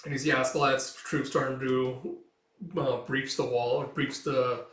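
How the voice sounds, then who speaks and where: A man's voice: mid-range voice, flat delivery, a little slow, fairly bright tone. A man casually retelling a comic's action scenes, with loose fillers and spoken sound effects. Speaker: comic reader. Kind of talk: casual read-through narration. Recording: roomy, distant mic.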